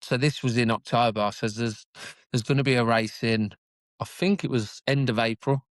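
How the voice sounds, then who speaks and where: A man's voice: mid-range voice, moderate pace, no room sound. A British man in his forties telling his story as a podcast guest, chatty and self-deprecating, laughing often. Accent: British English. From United Kingdom. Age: 40s. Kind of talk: casual interview storytelling.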